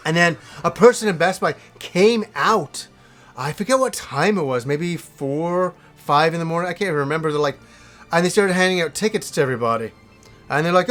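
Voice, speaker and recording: Middle-aged guy rambling through a story, high voice, bit of music under it. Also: a little fast. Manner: animated, rambling anecdote with acted-out quotes and swearing. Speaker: host. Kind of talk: casual storytelling to camera.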